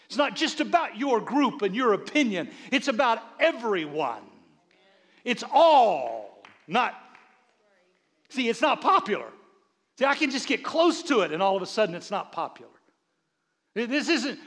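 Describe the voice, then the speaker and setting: A man preaching a sermon as a bishop, animated, with frequent stammered restarts and quiet asides. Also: high-pitched, moderate pace. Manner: drops into quiet asides and quoted voices. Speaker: bishop and pastor.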